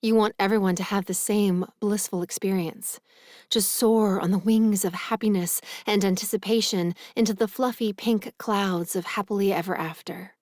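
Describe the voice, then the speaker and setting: A woman narrating a romance audiobook in the first person, earnest and gentle. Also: mid-range voice, fairly even intonation, normal speed, dry recording, studio quality.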